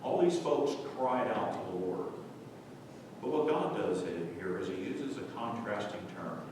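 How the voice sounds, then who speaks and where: A man's voice: animated, measured pace. A male pastor preaching a sermon with fervent rhetorical questions, recorded live in a church sanctuary from a distant mic. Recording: echoey church hall from far off, faint rumble.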